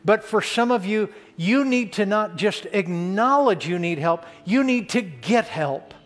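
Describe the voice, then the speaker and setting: An older man delivers a sermon in a notably high voice. He speaks slowly and deliberately, leaning into key words. His delivery is earnest and grows fervent. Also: expressive. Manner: earnest, builds to fervent emphasis, slows for key points. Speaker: pastor.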